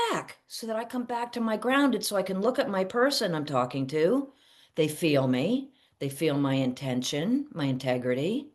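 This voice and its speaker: A middle-aged woman therapist talks straight to camera in a loose, teaching way. Her voice sits fairly low, and she keeps slipping into lively quoted snippets of everyday exchanges. She laughs at herself as she goes. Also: moderate pace. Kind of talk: casual teaching talk to camera.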